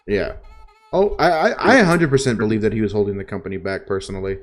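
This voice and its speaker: A man's voice: on the low side, fast talker, faint music behind. A young man co-hosting a podcast in casual chat over a remote call, telling stories with swearing and frequent laughter. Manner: animated storyteller, laughs and swears freely. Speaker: podcast co-host.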